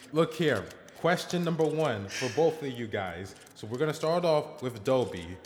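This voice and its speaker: A man's voice: mid-range voice, animated, a little slow, a little hiss or hum. A man moderating a mock debate on a podcast, mock-formal and laughing. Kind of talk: casual comedic chat. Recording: echoey room with long reverb.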